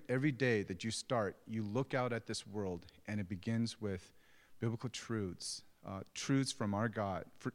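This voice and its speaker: A middle-aged man preaching as a pastor, conversational and self-deprecating as he tells stories about his own family. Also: on the low side. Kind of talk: sermon. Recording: long hall reverb.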